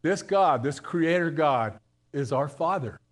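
A man's voice: a little high, lively intonation, unhurried. A male pastor giving a live church sermon in a conversational way, telling jokes and often restarting his sentences. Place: church service.

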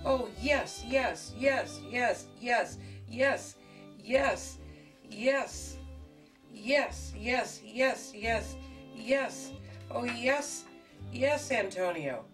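A woman's voice: a little high, extremely slow, far from the mic, faint music behind, pitched above the performer's own voice. A woman voicing a swooning, passionate young woman in a spoof romance, breathless and over the top. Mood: ecstatic.

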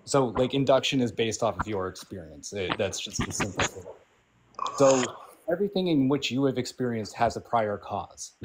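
A man's voice: medium pitch, expressive, normal speed, background noise. A man calling in to a casual debate, patiently explaining and often checking "right?".

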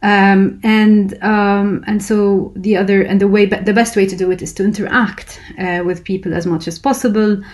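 A woman's voice: mid-range voice, fairly even intonation, moderate pace, few pauses, a little mellow. A woman lecturer explaining a research method, talking hesitantly with many fillers and restarts. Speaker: university lecturer. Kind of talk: recorded lecture.

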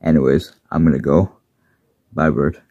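A supportive engine, voiced by a man in a very deep, husky voice, plain and reassuring. The sound is dry, on a dull recording. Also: fairly even intonation, moderate pace, dark tone, dry recording.

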